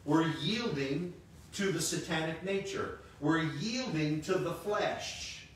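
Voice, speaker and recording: In a church sanctuary, a pastor in his fifties preaches slowly in a fairly high, expressive voice. He's emphatic, repeating phrases and slipping in joking asides. The hall is echoey, the mic distant, and there's a faint hiss.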